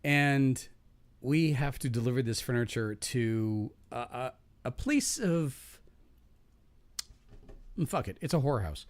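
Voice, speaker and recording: Animated man telling rambling work stories. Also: mid-range voice, slow, long pauses. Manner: rambling, profane anecdote-telling with frequent restarts; laughs at his own stories. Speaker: podcast chat guest. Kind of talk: casual chat storytelling.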